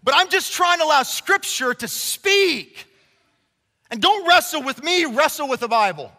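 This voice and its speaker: Male pastor preaching, very high voice, emphatic, long hall reverb. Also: lively intonation, unhurried. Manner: emphatic, swings between loud declarations and hushed passages; conversational asides to the congregation. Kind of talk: sermon.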